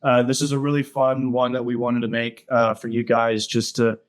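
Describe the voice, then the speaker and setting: A man co-hosting a podcast, thanking listeners in a relaxed, friendly casual chat. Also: mid-range voice, moderate pace. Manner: relaxed, friendly sign-off with brief backchannels. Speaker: podcast co-host.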